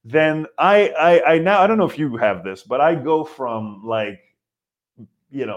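A man's voice: on the high side, lively intonation, moderate pace. A man in his forties hosting a live comedy podcast, ranting in a rambling way with lots of restarts and acted-out quotes. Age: 40s. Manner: rambling, frequent restarts and fillers, acts out quotes. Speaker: comedian host.

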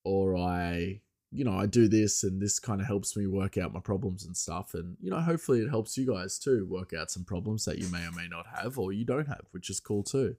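A man's voice: low voice, fairly quick, few pauses, mellow. A man hosting his own podcast, talking casually in a rambling, self-deprecating way with many restarts. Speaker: podcast host. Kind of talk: casual solo podcast chat.

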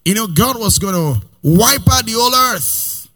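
A male pastor preaching a sermon, swinging between loud outbursts and quiet asides, sometimes in a sing-song cadence and calling on his listeners to repeat after him. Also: high-pitched, lively intonation, unhurried. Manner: calls the congregation to repeat lines after him.

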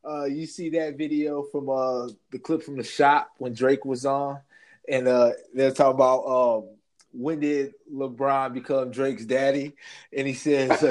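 A man talking sports on a podcast in loose, easygoing chat. He laughs often, jumps between ideas and trails off mid-sentence. His voice sits at an ordinary middle pitch. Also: a little mellow. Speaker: podcast co-host.

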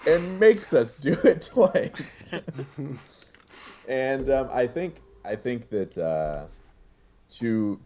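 A man in his thirties co-hosting a casual podcast, joking and laughing as he talks, with halting restarts. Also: low voice, a little mellow. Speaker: podcast co-host. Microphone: remote recording setup.

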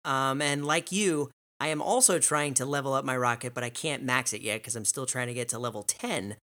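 A man's voice: medium pitch, brisk, bright, forceful tone. A man hosting a casual gaming podcast, dry and teasing with his co-host. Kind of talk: casual chat.

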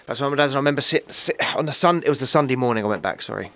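A man's voice: mid-range voice, animated, rapid-fire, a bit bright, no echo. A man, telling his own story in a candid, emotional, rambling way, often asking "right?" and "you know". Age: 30s. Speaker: podcast guest.

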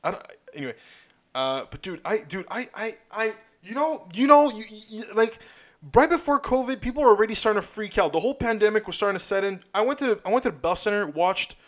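A man's voice: sits high, lively intonation, fast. A young man, a comedian, telling loose stories in a rambling, profane way, full of restarts and "dude". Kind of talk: casual storytelling monologue.

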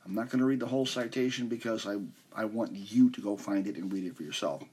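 A man's voice: on the low side, fast talker, darkish tone, breathy edge. A man hosting a podcast, explaining a philosophy text in an informal, conversational way and stumbling over names now and then. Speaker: podcast host. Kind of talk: casual explanatory podcast talk.

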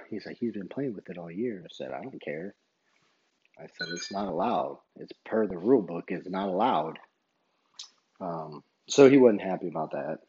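A man's voice: low-pitched, muffled recording, a little hiss or hum. A man who referees basketball, casually telling a story in a rambling way and retelling each exchange line by line. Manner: rambling, retells dialogue with many "I said".

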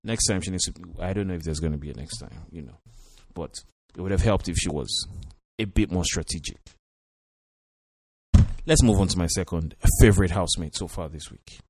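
A man's voice: low-pitched, fairly quick, a little mellow, slightly rough, no echo. A man giving blunt, profane commentary on a reality show, peppered with "you know". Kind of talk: casual commentary.

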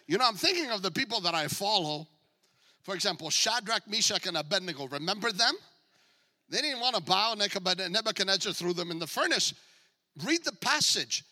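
A man preaching a sermon as a guest speaker, dramatic and joking, swinging from quiet talk to shouting. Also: sits high, expressive, normal speed, pauses often, long reverb tail.

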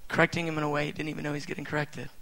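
A middle-aged man preaching a sermon in a conversational way, full of fillers, swinging between loud emphatic bursts and soft asides. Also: fairly high pitch, flat delivery, very fast, low-quality recording. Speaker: pastor.

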